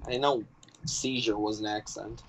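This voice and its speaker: A man's voice: lowish voice, fairly even intonation, a little slow, slight background noise. A man in game voice chat who talks in an annoyed, exasperated way with his teammates. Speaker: teammate in an online shooter. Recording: muffled voice chat.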